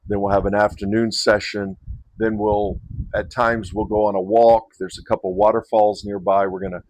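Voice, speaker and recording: Low-voiced man rambling warmly. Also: flat delivery, moderate pace, slight background noise, poor audio. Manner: rambling, restarts and self-corrections, chuckles. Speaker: men's retreat host. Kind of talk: casual invitation to camera.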